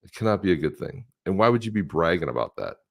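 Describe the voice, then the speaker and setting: A man's voice: low-pitched, sing-song, fast talker, gravelly. A man in his sixties co-hosting a livestream, telling rambling stories in casual chat. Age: 60s. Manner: rambling, storytelling, laughs often. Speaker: livestream co-host.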